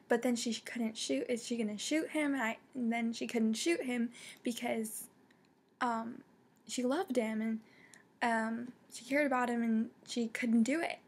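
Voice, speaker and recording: A young woman chats excitedly through a casual book review. Her voice sits a little high and has a husky edge. She stumbles over her words and keeps saying "like" and "um". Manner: excitable, many fillers and restarts. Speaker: book vlogger.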